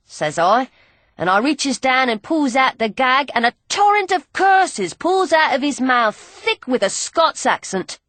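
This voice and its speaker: A woman narrating a first-person novel in a spirited, plainspoken voice, dropping into rough street grammar. Her pitch sits in the middle of the range. The sound is close and completely dry, with no room around it. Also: unhurried, dry recording. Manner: lively dialect storytelling, working-class grammar. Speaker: audiobook narrator.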